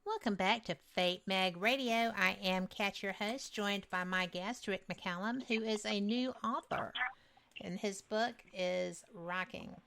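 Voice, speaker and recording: A woman's voice: mid-range voice, measured pace, a bit bright. A woman hosting a radio show, talking with her guest in an upbeat, conversational way. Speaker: radio host. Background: music.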